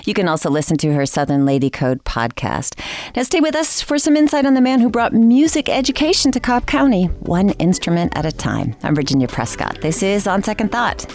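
A woman's voice: medium pitch, lively intonation, a little fast, a little mellow. A woman hosting a public radio show, interviewing a guest conversationally. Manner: conversational, light hesitations. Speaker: radio host.

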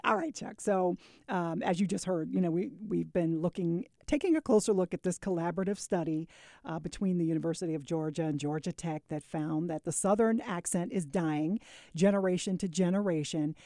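A woman's voice: lowish voice, a little fast, warm tone, dry recording, studio quality. A woman hosting a public radio show, asking curious questions and offering brief affirmations.

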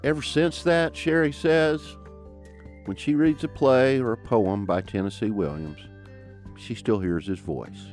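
A man with a Southern mountain twang, hosting and narrating a scripted program in a measured, folksy way. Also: mid-range voice, music in the background. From American South. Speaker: host.

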